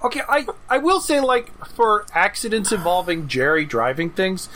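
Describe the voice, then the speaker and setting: A podcast co-host in a casual episode discussion, animated with quick asides. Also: medium pitch, slight background noise.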